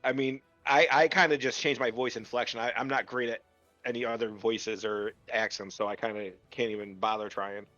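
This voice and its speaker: A self-deprecating man with a bright, forward tone chatting with his gaming friends. He comes through a dull, dry, lo-fi home mic with faint music behind. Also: medium pitch, fairly even intonation, a little fast, no room sound. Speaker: player. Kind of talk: casual chat between game sessions.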